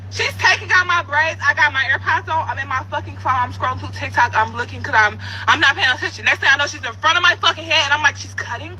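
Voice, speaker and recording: A crying, distraught woman, shouting and cursing as she tells what happened at a salon. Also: high-pitched, fast, hardly any pauses, low-quality recording. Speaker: salon customer in a viral clip.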